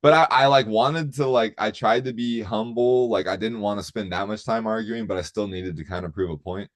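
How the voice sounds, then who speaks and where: A man's voice: on the low side, brisk. A man telling a rambling, profane story in casual chat, full of fillers.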